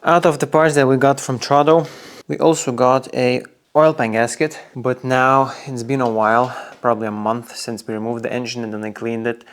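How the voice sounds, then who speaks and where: A man's voice: mid-range voice, steady tone, normal speed. A man hosting a car restoration video, explaining each step casually while he works in a garage workshop. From Norway.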